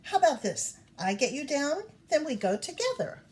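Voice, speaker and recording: A woman voicing a small, chatty, eager bear cub boy in a high, excited voice for a storybook reading. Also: moderate pace, a little hiss or hum.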